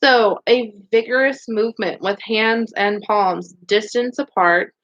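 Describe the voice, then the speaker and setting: A woman's voice: fairly high pitch, unhurried, fairly bright tone. Woman instructor on dull lo-fi audio. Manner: upbeat, encouraging, chatty with fillers. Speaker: beauty school instructor. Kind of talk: online class quiz review.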